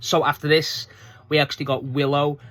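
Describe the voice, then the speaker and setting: A man's voice: on the high side, little pitch movement, fairly quick, fairly bright tone. A man giving a casual, rambling wrestling review, swearing often and restarting his sentences.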